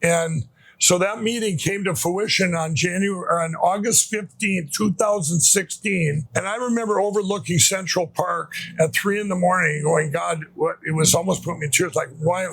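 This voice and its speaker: Gravelly man rambling through his story. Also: sits high, steady tone, fairly bright tone. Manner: rambling, halting, full of restarts and fillers. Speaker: podcast guest. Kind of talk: personal faith testimony in an interview.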